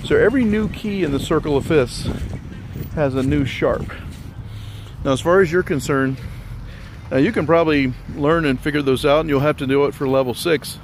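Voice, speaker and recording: A man's voice: a little high, normal speed, a little hiss or hum. Slightly breathless man teaching music theory outdoors. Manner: explains step by step, rambling and relaxed. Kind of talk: casual spoken theory lesson.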